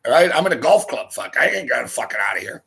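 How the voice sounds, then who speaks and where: A middle-aged Canadian man hosting a show, telling a profane, animated story and swearing constantly. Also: mid-range voice, fast talker, gravelly. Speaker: host.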